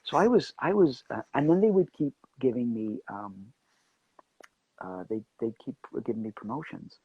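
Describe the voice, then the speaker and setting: A man being interviewed as an actor guest, telling animated anecdotes and acting out the voices of people in them. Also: mid-range voice, normal speed, breathy edge, no room sound, muffled recording. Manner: animated storyteller acting out quotes.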